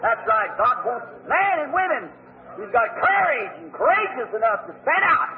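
Male preacher, very high-pitched, fervent and plain-spoken; tinny phone-like old recording. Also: very animated, moderate pace. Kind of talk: sermon.

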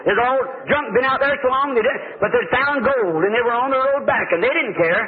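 A man's voice: very high-pitched, a little fast. A man preaching a sermon through a homespun story, drawling and rising to fervent exclamations, heard on a tinny, lo-fi old recording with faint hiss.

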